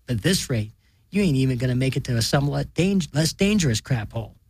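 A man's voice: mid-range voice, lively intonation, fast talker, creaky, a little mellow, no room sound. A man voicing a crude, blunt middle-aged man lecturing young relatives, in a storybook reading. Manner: blunt, coarse.

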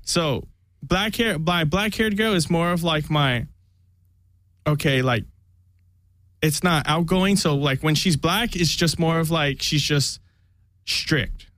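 A man's voice: a little high, slow, pauses often, fairly bright tone, no room sound. A young man chatting as a podcast guest, telling a long rambling story and acting out what people said. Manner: rambling storyteller, acts out quotes. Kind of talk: casual chat.

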